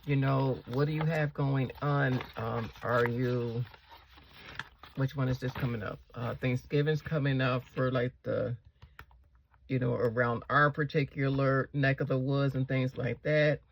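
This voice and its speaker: A woman with a gravelly, unhurried voice talks through her planner decorating at home. She rambles easily and keeps turning to viewers with questions. Faint keyboard clicks sit in the background. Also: rumbling low, a little hiss or hum. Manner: chatty, asks viewers questions; rambling, slow and relaxed. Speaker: planner vlogger. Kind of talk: casual chat while decorating a planner.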